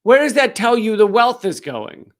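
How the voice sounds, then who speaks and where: High-voiced, profane male comedian ranting. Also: big pitch swings, normal speed. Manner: profane, sarcastic, heated. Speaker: comedian host. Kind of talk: comedic political rant.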